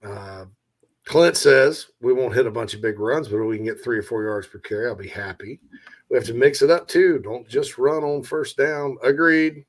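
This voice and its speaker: A man's voice: mid-range voice, normal speed. Chatty man hosting a sports show. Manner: rambling, laughs often, does silly voices. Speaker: sports podcast host. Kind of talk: casual sports talk show, reading chat questions.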